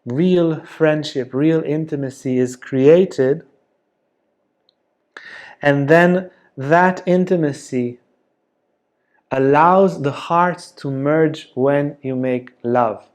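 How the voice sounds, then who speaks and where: Gentle, slow-spoken male teacher. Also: fairly high pitch. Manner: slow, deliberate, gentle delivery with frequent "yeah?". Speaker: yoga teacher.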